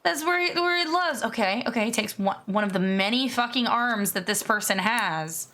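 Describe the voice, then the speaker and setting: A woman streamer chatting casually as she reacts to videos, excitable and gushing, swearing freely. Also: on the high side, moderate pace. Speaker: VTuber streamer.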